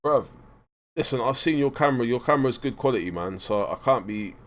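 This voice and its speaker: A man's voice: medium pitch, expressive, brisk. Young man, live stream host, slangy, swears often, loose rambling chat. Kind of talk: casual banter on a live call-in stream.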